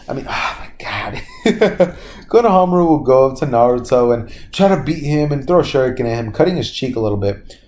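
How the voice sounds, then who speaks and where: A young man spins a homemade fan story in a loose, unscripted ramble. He keeps losing names, doubling back to correct himself, and drops the odd curse. His voice sits at an ordinary middle pitch. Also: a little mellow. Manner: laughs at his own slips, swears casually. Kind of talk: casual spoken fan-fiction retelling.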